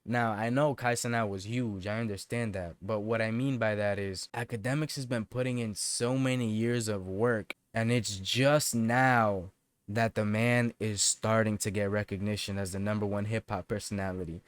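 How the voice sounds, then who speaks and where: A man's voice: lowish voice, steady tone, normal speed, clear, resonant tone, no room sound. A man hosting a reaction video, talking conversationally and building to emphatic arguing. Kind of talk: casual reaction commentary.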